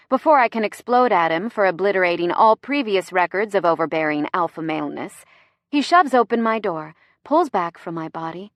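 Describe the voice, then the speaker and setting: A woman narrating a first-person romance audiobook in an expressive, playful way. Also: mid-range voice, no echo, clean studio sound.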